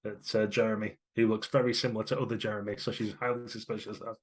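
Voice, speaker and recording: Man with a wry, lively game-master voice. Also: lowish voice. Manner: lively, wry, quick asides. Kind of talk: narrating a tabletop game.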